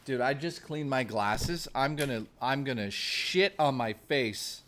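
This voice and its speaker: A man streaming live, talking straight to his chat in a loose, rambling way. He reads viewer names and messages aloud and jokes around with plenty of cursing. His pitch sits in an ordinary middle range. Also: animated, measured pace, a bit bright, a little hiss or hum. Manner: profane, joking, reading chat aloud. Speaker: streamer host. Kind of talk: casual livestream chat.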